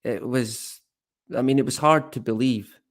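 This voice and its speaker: Male live-stream host, unhurried delivery, sardonic and rambling, casual swearing, chatting with the comments. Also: medium pitch.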